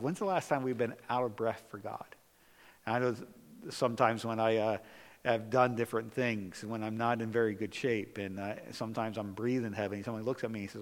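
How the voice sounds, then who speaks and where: Pastor preaching in a reverberant hall. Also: male voice, mid-range voice, fairly even intonation. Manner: preaching with emphatic rises and slow, stressed phrases. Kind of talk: sermon. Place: church sanctuary.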